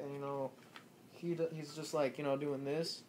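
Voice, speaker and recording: A man telling a rambling, made-up absurd story, hesitant and full of ums and "you know", mostly low-key and quiet, filmed at home on a handheld camera. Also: level tone, moderate pace. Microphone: handheld camera held by a friend. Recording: noisy home video with clattering dishes.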